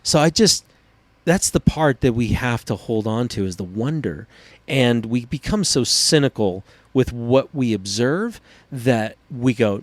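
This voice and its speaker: A man hosting a casual podcast, telling stories in an animated, profane way. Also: medium pitch, normal speed, dry recording. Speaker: podcast host. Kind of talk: casual chat.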